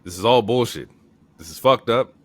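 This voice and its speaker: A man's voice: mid-range voice, normal speed. A man co-hosting a casual wrestling podcast, giving blunt, profanity-laced opinions with lots of "like" and "um". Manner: profane, animated opinions with frequent fillers. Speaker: podcast co-host. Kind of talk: casual wrestling recap chat.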